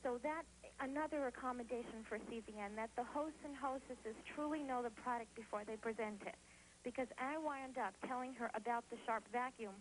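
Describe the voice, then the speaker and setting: A woman's voice: on the high side, a little fast, a little hiss or hum, low-quality recording. Gushing woman caller from New Jersey. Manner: gushing, chatty, laughs easily. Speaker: call-in viewer. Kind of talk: phone-in testimonial.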